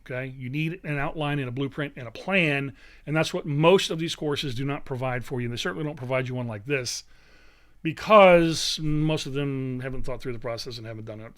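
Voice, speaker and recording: A man's voice: mid-range voice, a bit bright. A man teaching real estate wholesaling on a live webinar, emphatic and salesy, peppering his points with "okay?" and "all right?". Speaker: real estate investing coach.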